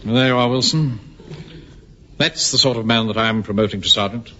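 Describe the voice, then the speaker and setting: A man's voice: mid-range voice, normal speed, natural voice. A man playing a pompous, self-important middle-aged bank manager who also leads a platoon, blustering in a radio sitcom. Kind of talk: 1970s radio sitcom acting. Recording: hissy, dull old radio recording.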